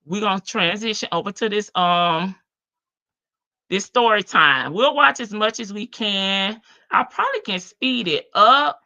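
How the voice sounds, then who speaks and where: Woman, Southern accent, livestream host, bright voice, casual chatty delivery, reads comments aloud. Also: mid-range voice, muffled recording. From American South. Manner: chatty, animated, drawn-out Southern phrasing. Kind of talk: casual live-stream chat reading comments.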